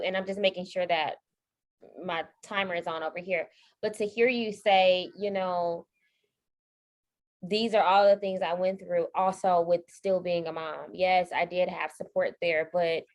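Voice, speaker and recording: A woman hosting a podcast interview, affirming her guest and reflecting back on what she heard. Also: lowish voice. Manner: affirming, frequent small responses. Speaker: podcast host. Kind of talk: conversational interview.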